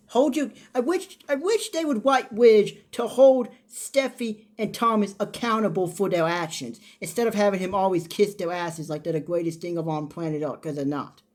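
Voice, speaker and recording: A woman's voice: medium pitch, a little mellow. A woman in her twenties giving a blunt, opinionated, rambling review of a soap opera episode in casual chat. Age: 20s.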